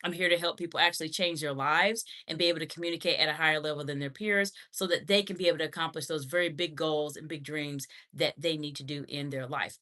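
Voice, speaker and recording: A woman's voice: low voice, steady tone, quick pace, hardly any pauses, bright, forceful tone. A woman hosting a live question-and-answer stream on leadership communication, reading viewer comments and answering in a direct, encouraging way.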